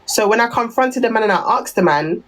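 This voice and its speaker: A woman's voice: a little high, animated, fairly quick, fairly bright tone, rough recording. A woman with a Jamaican accent ranting on a phone live stream, repeating insults in a heated, cutting manner.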